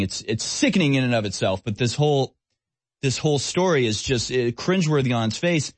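A man hosts a talk radio show in a scornful, mocking tone that runs from quick asides to slow, drawn-out sneers. His voice sits in an ordinary middle pitch. The sound is close and dry, with no room echo. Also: animated. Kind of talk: opinionated talk radio monologue.

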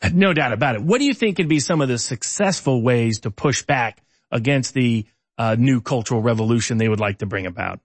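A man's voice: medium pitch, expressive, a little fast, no room sound. A man hosting a political interview, asking long, conversational questions. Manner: conversational, with fillers and restarts. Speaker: interview host.

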